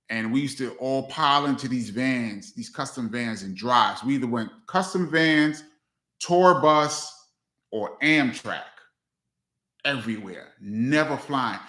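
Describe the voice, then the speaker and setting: A man hosting a live Q&A chat as a DJ, telling stories casually and acting out other people's lines. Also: bright, forceful tone. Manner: loose storyteller, acts out friends' lines with big pitch jumps. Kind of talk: casual storytelling livestream. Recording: roomy echo.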